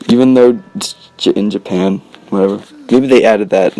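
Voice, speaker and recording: A man's voice: fairly low pitch, measured pace, warm tone, poor audio. A man giving casual, rambling gameplay commentary, joking and interrupting himself with lots of filler words. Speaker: let's play commentator. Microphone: desk mic, recorded after gameplay.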